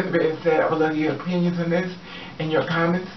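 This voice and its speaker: A sassy, animated man rants about someone straight to camera, his voice a little high. He sounds set back from a muffled mic in a roomy space, with faint ambient noise behind him. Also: quick pace, far from the mic. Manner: sassy, animated, addresses the subject directly. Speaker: vlogger. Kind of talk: casual opinion rant to camera.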